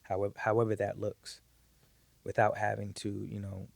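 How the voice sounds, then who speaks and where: A man's voice: lowish voice, completely flat delivery, moderate pace, gravelly, no room sound. A man talking as a guest on a podcast in a casual, heartfelt conversation, earnest and reflective, often repeating words as he gathers his thoughts.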